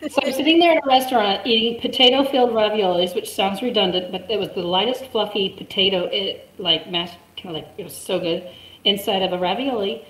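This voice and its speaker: A woman in her forties tells a story as a chatty guest. Her voice sits mid pitch and laughs come easily. The recording has a roomy echo around it. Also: brisk, a bit bright, slight background noise. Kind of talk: casual storytelling.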